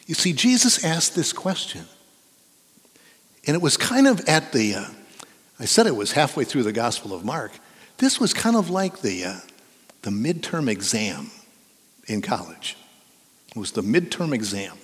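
A man's voice: medium pitch, very animated, a little slow, pauses often, fairly bright tone, husky. A middle-aged man preaching a sermon in a church, conversational and playful as he coaxes the congregation to join in. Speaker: pastor. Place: church sanctuary. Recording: long hall reverb.

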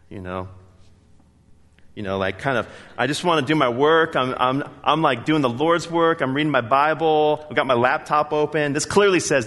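A man preaching a sermon in a church, telling stories in a lively, emphatic way. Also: a little high, normal speed, big-room sound. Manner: animated storytelling, emphatic. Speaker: pastor. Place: church sanctuary.

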